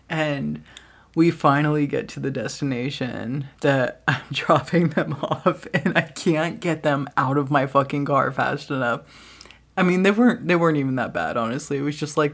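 A woman's voice: sits low, unhurried. A woman hosts her own podcast and tells stories in a loose, rambling monologue. She laughs often and swears freely as she goes. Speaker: podcast host. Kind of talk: casual storytelling monologue.

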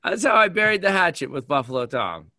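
Animated man telling a story. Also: fairly high pitch, a little fast, no echo, studio quality. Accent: American. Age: 50s. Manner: animated, acts out quoted voices. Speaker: podcast co-host. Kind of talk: casual storytelling.

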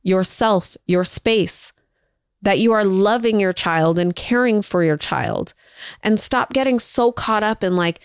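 A woman's voice: medium pitch, a little slow, smooth, no room sound. Woman giving friendly parenting advice, dry sound. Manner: warm, encouraging, conversational, folksy. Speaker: mother sharing parenting advice. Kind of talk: casual talk to viewers.

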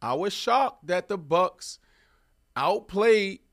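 A man who once played wide receiver, co-hosting a sports podcast and arguing his points in an animated way that swings from loud to soft. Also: high-pitched, slow pace. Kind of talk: casual sports debate.

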